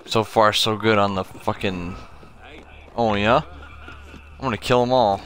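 Drunk young male gamer, foul-mouthed and fed up, low pitch, bright forceful tone. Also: fairly even intonation, unhurried. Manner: swearing, frustrated, muttering to the game. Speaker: gamer streamer. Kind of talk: angry drunk gameplay commentary.

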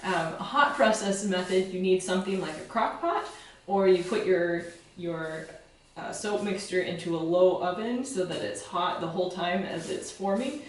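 A woman's voice: fairly low pitch, normal speed, far from the mic. A woman giving a casual home demonstration, explaining each step in a friendly, plain way with some fillers and restarts. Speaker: soap-making instructor. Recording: very echoey room, voice from away from the mic.

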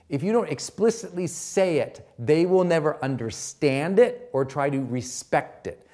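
A man's voice: fairly high pitch, lively intonation, a little slow, hardly any pauses, dark tone. A middle-aged man giving an emphatic motivational talk as a personal growth coach, repeating his key points.

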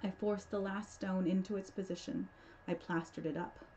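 A woman on the library staff giving a measured, theatrical reading of a horror tale. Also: medium pitch, fairly even intonation, dark tone. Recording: dull lo-fi recording.

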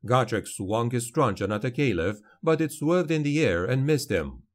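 A man reads a dark fantasy tale with dramatic, measured delivery. His pitch moves widely, lifting and falling with the action. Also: expressive. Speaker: audiobook narrator. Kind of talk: dramatic fantasy audiobook narration.

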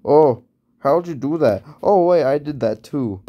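A man voicing an eager, naive hero who talks quickly in a doodle story. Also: a little high, animated, highs cut off, a little hiss or hum, voice pushed up.

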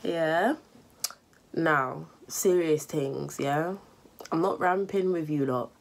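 A young woman, bluntly scolding viewers with money advice in a vlog. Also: deep voice. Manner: blunt, scolding, repetitive, slangy. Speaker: vlogger.

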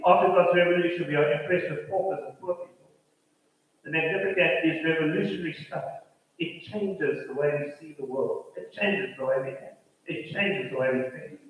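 A South African pastor with a fairly high-pitched voice preaches a sermon, driving his points home through rhythmic repetition. A distant mic in a roomy church hall picks him up, and the sound is phone quality.

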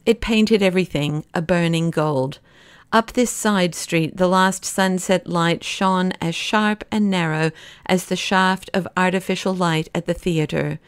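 A woman narrating a classic novel as an audiobook, in a steady, expressive way. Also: on the low side, clear, resonant tone, no room sound. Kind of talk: scripted narration.

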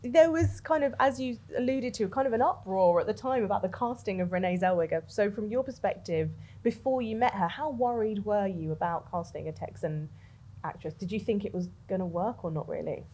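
Woman interviewer, mid-pitched, relaxed hedging questions. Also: a little fast. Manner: warm questioning, hedging with "kind of". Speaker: interviewer, host. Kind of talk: conversational Q&A interview.

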